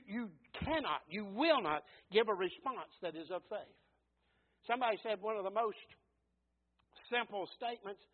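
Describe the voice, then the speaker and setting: High-voiced preacher, tinny sound. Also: male voice. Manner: emphatic, rhetorical questions, frequent "Amen?". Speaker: pastor. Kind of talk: sermon.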